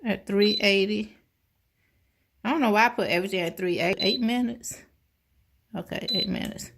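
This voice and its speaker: A woman's voice: medium pitch, moderate pace, creaky, background noise. A woman hosting a casual cooking vlog, chatting to viewers as y'all and tasting food on mic. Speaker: cooking channel host.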